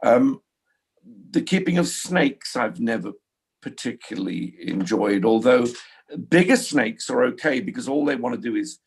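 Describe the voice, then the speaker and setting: Older man, gravelly voice, casual chat, restarts sentences a lot. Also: mid-range voice. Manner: rambling with frequent restarts. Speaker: guest. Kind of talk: casual conversation.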